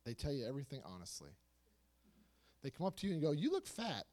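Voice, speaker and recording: A man preaching to a youth group, animated and repetitive, swinging between soft asides and loud emphasis with lots of rhetorical questions. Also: medium pitch, fast. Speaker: youth speaker.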